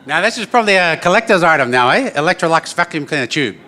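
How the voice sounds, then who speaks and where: At a corporate briefing, an Australian artist gives a talk with a didgeridoo demonstration, telling funny stories in a fairly high, sharp, very animated voice at a fast clip. He's joking and chatty, often closing lines with "yeah?" and "eh?".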